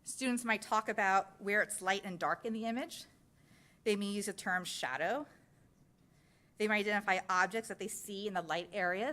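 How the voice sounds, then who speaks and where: A woman giving a presentation at a school board meeting, explaining a science program slide by slide. Her pitch sits in a mid range for a woman, and she speaks in a steady, informative way as she guides listeners through the material. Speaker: district science curriculum presenter. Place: public meeting room.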